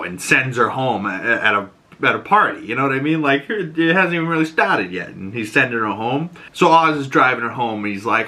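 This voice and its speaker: Casting note: young Boston-accented male podcaster, bright forceful voice, lively recap delivery with character voices. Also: normal speed. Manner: animated, acts out quoted lines in higher voices. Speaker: podcast host. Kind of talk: casual TV episode breakdown.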